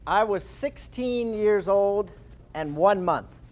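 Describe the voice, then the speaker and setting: A man in his forties, an author and speaker, telling a lively anecdote in a talk. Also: high voice, takes it slowly, slight background noise. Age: 40s. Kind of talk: storytelling talk.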